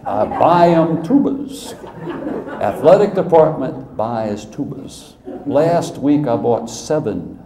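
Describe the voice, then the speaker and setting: A man putting on the voice of a gruff, penny-counting older male athletic director, speaking louder, higher and with slow emphasis. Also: sing-song, reverberant, a crowd in the background. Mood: lecturing.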